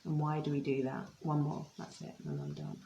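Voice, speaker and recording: A woman's voice: low voice, big pitch swings, a little fast, vocal fry, mellow, muffled recording, slight background noise. Gushing woman, echoey room. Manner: gushing, spiritual, talks to viewers by name. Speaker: oracle card reader and livestream host. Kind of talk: live card unboxing and reading.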